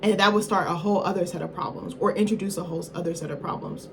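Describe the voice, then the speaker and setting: A woman's voice: on the low side, fairly even intonation, quick pace, noisy background. Slangy, profane woman recapping a film. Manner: slangy, profane, rambling storytelling; corrects herself mid-thought. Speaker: film reviewer.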